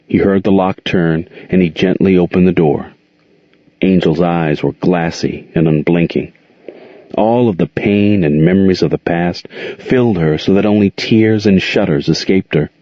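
A man with a very deep voice reads a story aloud at a steady, even pace. The recording is dry with a slightly dull, lo-fi sound. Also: no echo. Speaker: narrator.

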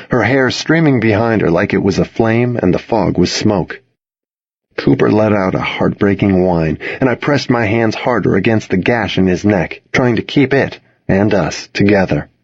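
A man reading a dramatic first-person story aloud, expressive in his delivery. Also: on the low side, slightly rough, no echo, muffled recording. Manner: expressive, voices the other characters in his reading.

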